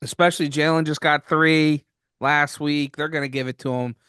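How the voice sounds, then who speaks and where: A young man co-hosting a casual sports betting podcast, excitable and hyping up his team. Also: on the high side, normal speed, smooth, dry recording, studio quality. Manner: excitable, hyped fan banter. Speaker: podcast co-host.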